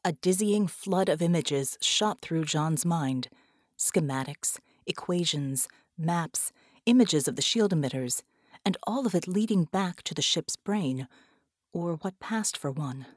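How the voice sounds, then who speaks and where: A woman narrates an audiobook in a measured, dramatic way. Her voice sits on the low side. The recording is dry and close, with no room sound. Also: expressive, no echo. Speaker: audiobook reader.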